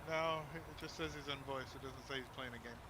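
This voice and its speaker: A man's voice: mid-range voice, steady tone, fast talker, noisy background. A man in a voice chat teasing his streamer friend in casual talk.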